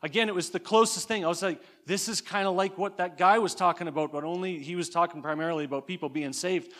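A man's voice: sits high, fairly even intonation, quick pace, a bit bright. A middle-aged man from Alberta preaching a sermon in an earnest, fervent way, often restarting and repeating words. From Alberta, Canada. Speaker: guest preacher.

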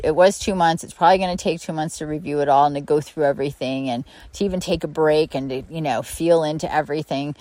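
A woman hosting an impromptu solo podcast as a spiritual coach, talking candidly and bluntly, swearing and laughing often, and now and then mimicking people in a high mocking voice. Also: no echo, rough recording. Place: outdoors by a pond at her home.

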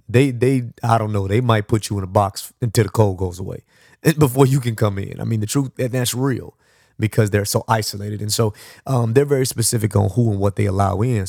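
A man with a low, gravelly voice hosts a motivational podcast. He rambles conversationally and often restarts his thoughts. The recording is dry and close. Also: brisk, a little mellow, no echo. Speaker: podcast host. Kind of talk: reflective motivational monologue.

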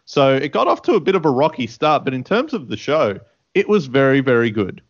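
A man co-hosting a radio show, talking in a relaxed, casual way and laughing along. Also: mid-range voice, a little fast, lo-fi sound. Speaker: co-host. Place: radio studio.

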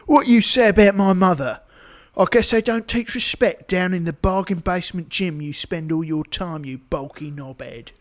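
A British man reading out a bald British hard-man agent, brash and full of slangy put-downs. The voice sits a bit high for a man, in a cheeky podcast skit. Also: moderate pace, close to an everyday voice. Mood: offended. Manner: slangy trash talk. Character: bald male British tough-guy agent, cocky and insulting.

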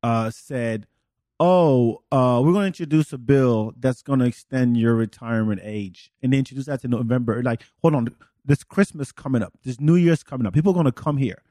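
A man from France with a French accent, hosting a podcast and telling animated stories in casual chat, swearing freely. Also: medium pitch, brisk, no room sound, studio quality. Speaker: podcast host.

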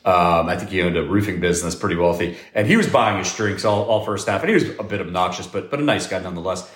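A man co-hosting a casual roundtable chat, telling stories with lively energy and laughing through them. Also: low voice, quick pace. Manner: animated storyteller, laughs through his stories. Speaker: podcast co-host. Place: room with a group around drinks. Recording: echoey room.

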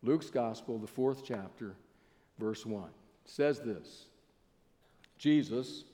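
A man's voice: lowish voice, slow pace, mellow. A man preaching a sermon as pastor, in a folksy storytelling manner that draws the congregation in, on a stage mic in a church sanctuary. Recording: long church hall reverb.

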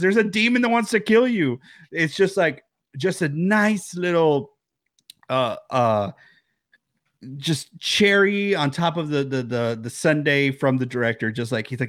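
A man co-hosting a casual film podcast from home, telling the story with lively acted-out reactions and frequent swearing. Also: fairly high pitch, a little slow. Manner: animated storyteller, swears freely, acts out reactions. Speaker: podcast co-host. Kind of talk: casual movie-discussion chat. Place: home, recording remotely.

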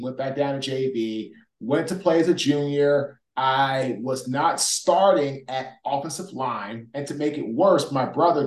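A former pro football player telling his story as a guest in an interview, energetic and animated. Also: medium pitch. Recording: roomy echo.

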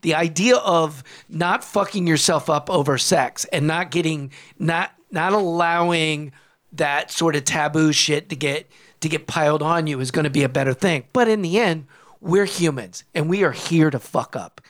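A man's voice: a little high, normal speed, a bit bright. A man hosting a dating podcast in casual chat, emphatic and swearing freely, with a preacher-like pep-talk manner. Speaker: podcast host.

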